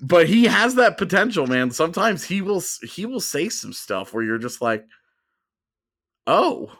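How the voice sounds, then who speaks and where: A man's voice: fairly high pitch, big pitch swings, fairly bright tone, dry recording. Podcast co-host, male, loose rambling delivery, dry studio sound. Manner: rambling, self-interrupting, quick laughs. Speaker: podcast co-host, hockey reporter. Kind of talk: casual sports chat.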